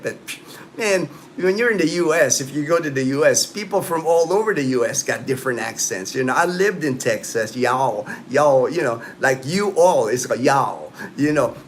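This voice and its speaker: A man's voice: medium pitch, fairly bright tone, a little hiss or hum. A man in his late fifties hosting a casual livestream, rambling loosely and answering viewers' comments. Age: late 50s. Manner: rambling, loose talk full of "you know" and "man". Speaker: livestream host. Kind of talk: casual live-stream chat with viewers. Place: at home in the Philippines.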